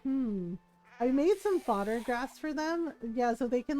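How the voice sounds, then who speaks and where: Chatty woman streamer, mellow voice. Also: high voice, lively intonation, unhurried, soft background music, poor audio. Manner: chatty storytelling, acts out quotes with laughs. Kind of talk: casual chat while gaming.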